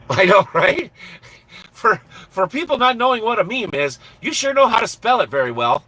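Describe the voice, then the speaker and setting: A high-sitting, sing-song male voice at normal speed, pushed and bright, on a dry, rough recording. He's a Minnesota truck driver live-streaming from his cab, blunt, profane and self-mocking, laughing easily.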